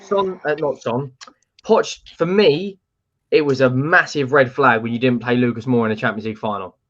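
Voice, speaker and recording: A man's voice: medium pitch, normal speed, fairly bright tone, muffled recording. A man talking football in casual, heated chat, blunt and repeating himself. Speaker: football podcast panelist.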